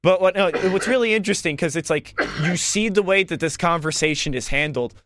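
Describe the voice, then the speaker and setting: A young man from Washington, D.C., co-hosting a casual political chat, talking quickly with lots of "like" fillers. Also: sits high. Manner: quick, animated, full of "like" fillers. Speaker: podcast co-host.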